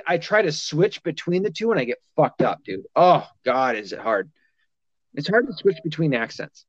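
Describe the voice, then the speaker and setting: A man's voice: on the high side, dry recording, highs cut off. A man in his thirties hosting a podcast in a casual chat, swearing freely and laughing often. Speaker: podcast host.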